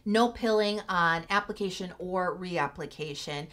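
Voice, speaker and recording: In an unhurried, fairly bright voice on the low side, a beauty vlogger casually reviews sunscreens for the camera. Enthusiastic and chatty, she laughs now and then and keeps peppering her talk with "like" and "you know."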